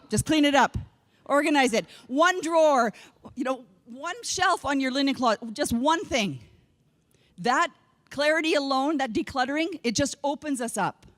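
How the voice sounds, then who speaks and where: A woman from Canada giving a humorous keynote speech, an animated storyteller who acts out what people said. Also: on the high side, long reverb tail. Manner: animated storyteller acting out quotes. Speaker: keynote speaker. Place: large conference hall.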